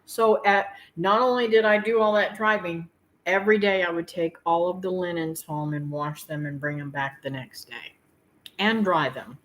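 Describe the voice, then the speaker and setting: Heartfelt woman with a lowish voice. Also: a bit bright, poor audio. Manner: heartfelt, rambling, pausing with fillers. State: tearful at times. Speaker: homestead channel host. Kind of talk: emotional personal talk to viewers.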